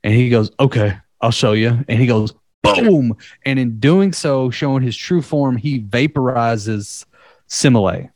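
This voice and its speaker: A man's voice: mid-range voice, expressive, a little slow, a little mellow, no room sound. A man chatting casually, retelling a myth in a loose, profane way and acting out the quotes. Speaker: podcast co-host.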